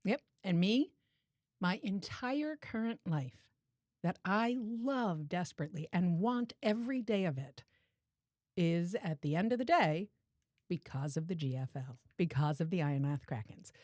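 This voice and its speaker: A woman co-hosting a casual podcast, chatty and quick to laugh, who also reads listener emails aloud. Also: on the low side, animated, darkish tone, no room sound. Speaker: podcast co-host and audiobook narrator.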